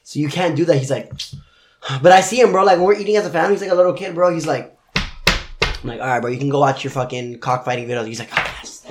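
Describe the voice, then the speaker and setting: A man's voice: fairly high pitch, fast talker, long pauses, roomy sound, noisy background. A young man from a Puerto Rican family in South Florida, bantering slangily as a player in a tabletop game. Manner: slangy, animated storytelling. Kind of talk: casual banter.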